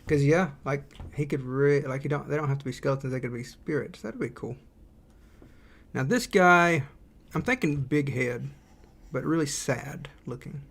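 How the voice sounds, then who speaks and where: A man's voice: medium pitch, normal speed, vocal fry, fairly bright tone. A man streaming his indie game development, chatting casually and thinking aloud while he draws and reads chat.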